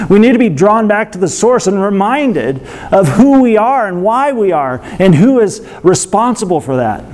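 High-voiced male pastor preaching. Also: a little mellow. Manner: teaching, asks the congregation questions. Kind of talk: sermon.

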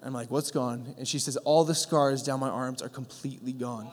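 A man's voice: mid-range voice, fairly even intonation, normal speed. A man telling a testimony in a sermon, earnest, with many fillers and restarts. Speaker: preacher sharing a testimony. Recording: long hall reverb.

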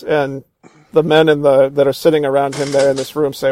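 A man's voice: on the high side, level tone, fairly quick, darkish tone, no room sound. A man chatting casually about a film he loves, eagerly retelling scenes, with many restarts. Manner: enthusiastic retelling, acts out quoted lines; frequent restarts and fillers.

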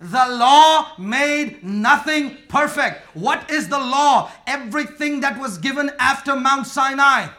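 A man preaching a sermon emphatically, using call and response, swinging between quiet talk and shouting. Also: extremely high pitch, slow, hardly any pauses. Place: church with congregation.

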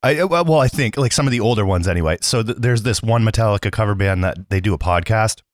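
A man's voice: lowish voice, expressive, quick pace, dry recording, clean studio sound. A man in casual podcast chat, laid-back and rambling with jokes.

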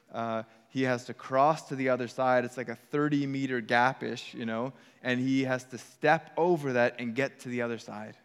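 A man's voice: mid-range voice, smooth, in a large hall. A man preaching a sermon in an earnest, conversational way, with casual asides to the congregation. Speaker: pastor.

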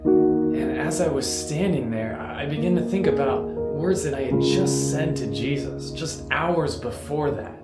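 A man performing a halting, emotional monologue as a remorseful fisherman disciple, stammering through fear and regret. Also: a little high, lightly acted. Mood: regretful. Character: remorseful fisherman disciple recalling his denial, adult man. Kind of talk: dramatic monologue over guitar. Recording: roomy sound with loud guitar music.

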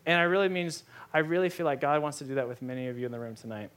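A man's voice: a little high, racing, a bit bright. A young adult man preaching a sermon, telling a personal story in a conversational way with many fillers like "like". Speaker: pastor.

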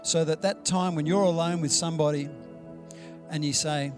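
A man preaching a sermon in an easygoing, storytelling way, voicing the people in his anecdotes. His voice sits a little high for a man. Music plays clearly behind him. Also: fairly even intonation, moderate pace. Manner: conversational storytelling preacher, acts out quoted dialogue. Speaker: pastor.

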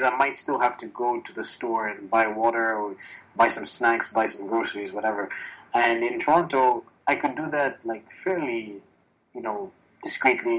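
A man talking casually on a podcast with a bright, forceful tone. He speaks candidly, swears freely and tells his stories with animation. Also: mid-range voice, poor audio. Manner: candid, profane, animated storytelling. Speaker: podcast guest. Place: lives in China, recorded remotely or in a room.

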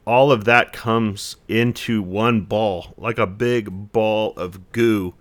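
A man's voice: lowish voice, steady tone, slow. A man in his forties, a podcast guest talking casually and reflectively, rambling with lots of "you know" fillers. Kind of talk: casual conversation.

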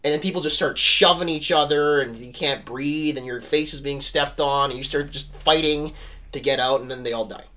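A man talking history casually as a podcast co-host, animated and rambling, peppering his talk with "like" and "right?". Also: a little high, moderate pace.

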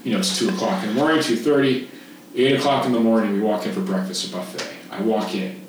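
A man in his fifties from Texas, a podcast guest telling a camp story in animated casual chat, laughing and swearing freely. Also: on the low side, fast talker. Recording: echoey room, distant mic, faint noise.

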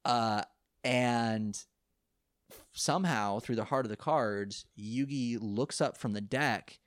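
A man casually recapping an anime episode, rambling and animated, often laughing and quoting the characters. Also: mid-range voice, slow, no room sound, studio quality. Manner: rambling, animated retelling with laughs and quoted lines. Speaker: podcast co-host recapping an anime. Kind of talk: casual chat.

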